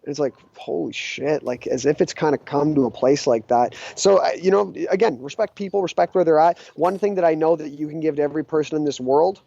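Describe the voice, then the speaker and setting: A laid-back man in his thirties talks casually as a guest, his voice mellow and a little high. The audio is dry and muffled, without much room sound. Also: fairly quick, creaky, hardly any pauses. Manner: laid-back, says "dude" and "like" often. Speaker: entrepreneur guest. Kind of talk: casual interview chat.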